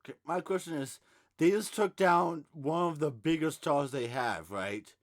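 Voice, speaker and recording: A man's voice: a little high, moderate pace. A man co-hosting a comic book podcast in casual chat, tossing in dry wisecracks. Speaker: podcast co-host.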